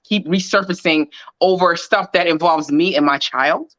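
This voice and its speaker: A woman's voice: on the low side, moderate pace, fairly bright tone, no room sound, lo-fi sound. A woman co-hosting a casual reality TV recap chat, emphatic and opinionated as she makes her point. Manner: emphatic, opinionated, repeats "this is what I'm saying". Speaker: co-host.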